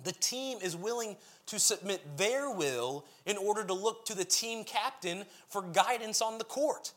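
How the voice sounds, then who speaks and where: A man's voice: high-pitched, animated, measured pace, a bit bright. A man preaching a sermon, reading scripture aloud and then explaining it in an earnest, emphatic way, building his points as lists.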